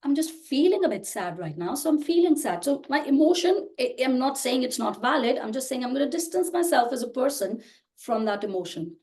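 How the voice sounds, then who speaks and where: A woman's voice: sits high, sing-song, fairly quick, darkish tone. A woman in her thirties, a podcast guest, explaining earnestly in casual conversation, often restarting her sentences. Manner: earnest, explains with many restarts and "you know". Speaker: podcast guest, personal growth creator.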